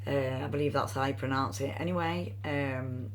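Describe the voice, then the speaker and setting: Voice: mid-range voice, steady tone, moderate pace. A rune reader giving a meandering, free-associating reading with chatty asides. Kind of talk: slow intuitive card-style reading.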